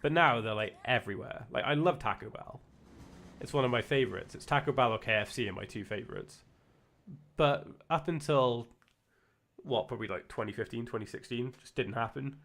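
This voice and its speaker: A man's voice: medium pitch, brisk, a bit bright. Chatty young British man, rambling. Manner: rambling, many fillers and restarts, self-correcting. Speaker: streamer. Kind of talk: casual chat while gaming.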